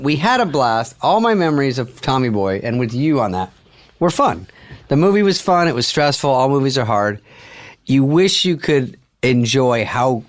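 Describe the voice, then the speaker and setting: A man telling a story with dry, wry humor and casual swearing as a guest in a relaxed chat. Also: mid-range voice.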